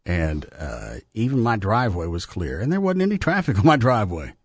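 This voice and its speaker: Man in his 50s, radio host, animated storyteller, dry studio sound. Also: on the low side, fairly quick, husky, no echo. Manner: rambling storyteller, lively. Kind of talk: casual chat.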